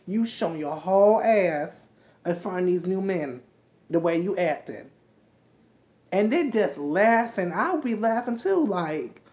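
Brash, profane woman ranting in her twenties. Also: medium pitch. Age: 20s. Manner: brash, profane, animated ranting with repeated jabs. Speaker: reality show recap host. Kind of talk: ranting commentary on a TV episode. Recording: echoey room.

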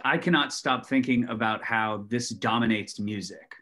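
Moderator, casual musing, halting delivery, mid pitch. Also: sharp tone. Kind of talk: casual chat.

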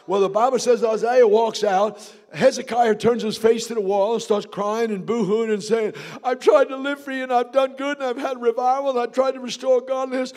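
Preacher, male, high voice, fervent shouting sermon in a church. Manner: fervent, shouting, quick asides to the congregation. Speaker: pastor.

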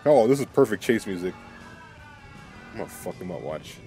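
Brief: young male gamer, lowish voice, lively and profane, commenting as he plays. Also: moderate pace, long pauses, soft background music. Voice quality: excitable, swears and laughs often. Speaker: let's play host. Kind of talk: casual gaming commentary.

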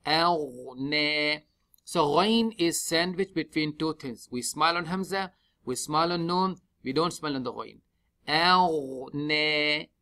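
A man teaching tajweed step by step in a mosque, spelling out letters and vowels one at a time and chanting the verses slowly and drawn out. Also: on the high side, bright, forceful tone. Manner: slow, drawn-out chanting when reciting. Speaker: Quran recitation teacher.

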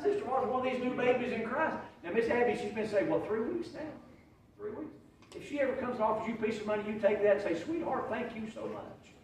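High-voiced preacher in echoey church. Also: male voice, quick pace, slight background noise. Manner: folksy storytelling, swings from quiet asides to loud shouts. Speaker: pastor. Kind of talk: sermon. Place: church sanctuary. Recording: very echoey church hall, mic far off.

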